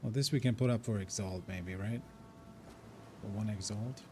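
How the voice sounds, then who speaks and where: A man's voice: lowish voice, normal speed, a little mellow, slight background noise. Man streaming a game. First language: German. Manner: chatty, rambling, thinking aloud. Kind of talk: casual live-stream chat while gaming. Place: living in India.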